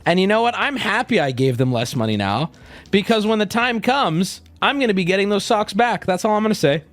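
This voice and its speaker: A man's voice: high voice, fairly quick, dry recording. A man streaming, telling stories in casual chat with lots of swearing. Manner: animated, profane storytelling.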